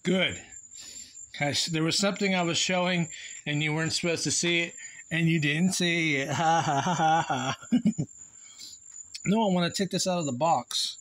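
A man's voice: on the high side, normal speed, pauses often, fairly bright tone. A man vlogging casually at home, chatting to viewers and teasing his dog in a rambling way. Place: home yard and house, partly outdoors.

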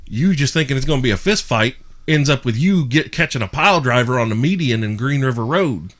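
Profane animated male podcast host. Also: mid-range voice, a little fast. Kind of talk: casual chat, storytelling.

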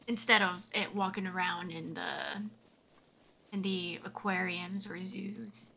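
A woman streaming a game, chatting at an unhurried, drawn-out pace with frequent "like" fillers. Her voice is bright and ringing, and she giggles easily as she rambles. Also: on the low side, steady tone, vocal fry, a little hiss or hum. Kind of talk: casual live-stream chat while playing.

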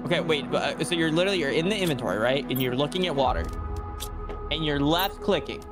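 A man with a fairly high voice joking and coaching his friends through a co-op game. He laughs easily and talks in short bursts, with loud game music underneath. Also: expressive. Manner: playful, laughing, gives quick instructions. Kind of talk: casual gaming chat.

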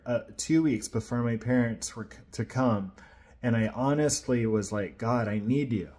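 A man's voice: medium pitch, darkish tone. A man sharing an earnest personal faith testimony, retelling events in a casual, rambling way.

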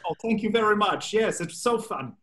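A man with a German accent, answering interview questions in a playful, jokey way with deadpan asides. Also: high-pitched, moderate pace. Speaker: voice actor being interviewed. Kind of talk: casual video-call interview.

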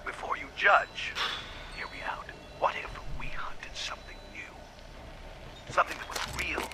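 Video game schemer, wealthy, conspiratorial, half-whispered, slightly high voice, slow coaxing delivery. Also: male voice, expressive. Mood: scheming. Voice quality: hushed, conspiratorial. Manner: slow, sly persuasion. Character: scheming wealthy man plotting to hunt humans. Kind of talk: video game dialogue recording.

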